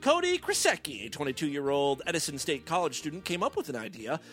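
Brief: man, comic news host, sarcastic and foul-mouthed, somewhat high and animated. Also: a little fast, soft background music. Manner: profane, sarcastic, animated, riffing asides. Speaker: comedy podcast host. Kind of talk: irreverent comic news reading.

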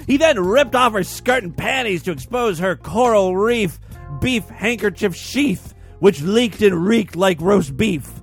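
A man's voice: high voice, expressive, a little slow, faint music behind. A man hosting a podcast and reading a story in a mock-dramatic, solemn narrating voice. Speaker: podcast host.

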